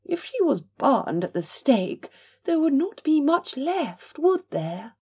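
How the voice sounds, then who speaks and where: Woman voicing a dry sarcastic noblewoman, slow, lilting, gravelly, storybook reading. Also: high-pitched, big pitch swings, a little mellow, voice pushed up, exaggerated voice. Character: dry, sardonic noblewoman Lady Worth, middle-aged.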